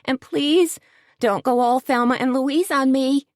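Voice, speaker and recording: A woman reading an audiobook voices a brash, wisecracking woman who talks in slang and gets loud when excited. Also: sits high, unhurried, dry recording, studio quality, pitched above the performer's own voice. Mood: frantic.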